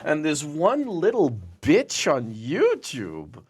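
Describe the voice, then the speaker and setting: Animated, mocking young male streamer. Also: mid-range voice, moderate pace. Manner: mocking, profane taunting. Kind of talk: live stream chat.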